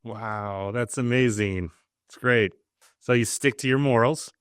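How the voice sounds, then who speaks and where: A man hosts a podcast interview, reacting to his guest in a casual, encouraging way. His voice sits in a middle pitch. The sound is dry and close to the mic. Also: unhurried, a bit bright, smooth, no room sound. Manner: encouraging, laughs easily. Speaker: podcast host.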